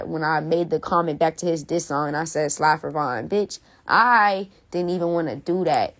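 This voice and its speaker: A woman ranting on a phone live stream, blunt and profane, repeating herself for emphasis. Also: fairly low pitch. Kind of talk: heated casual rant.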